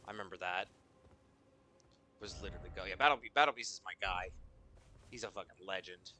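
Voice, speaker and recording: A man's voice: sits low, fairly quick, pushed and bright. A man streaming a video game, chatting loosely and swearing, tired and yawning. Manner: loose, profane, rambling. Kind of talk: casual gaming stream chat.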